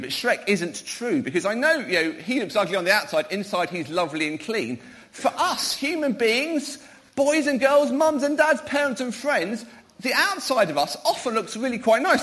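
Middle-aged pastor, high and lively voice, playful church talk for children. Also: male voice. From Wales. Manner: playful and animated, quizzing children and calling them up.

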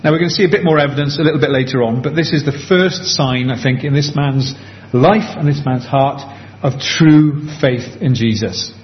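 Guy giving a sermon, earnest and chatty, slows right down for the big points, muffled recording. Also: medium pitch. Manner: earnest, conversational, slows down for emphasis. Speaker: preacher. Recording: dull lo-fi with faint background hiss.

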